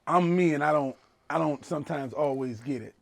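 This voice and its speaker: A man's voice: fairly high pitch, brisk, vocal fry. A man hosting a casual interview, laid-back and joking crudely. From Louisiana. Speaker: host.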